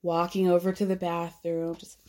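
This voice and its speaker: A woman's voice: on the low side, mellow. A woman hosting a podcast, chatting casually in a recap, full of likes, laughs and playful mock voices. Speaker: podcast host.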